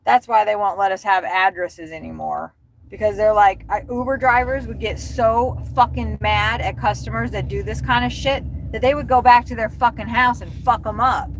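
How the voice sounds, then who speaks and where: A woman's voice: medium pitch, fairly even intonation, normal speed, a little hiss or hum, low-quality recording. A woman delivery driver ranting angrily on a livestream from her car, swearing constantly. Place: inside a car while driving.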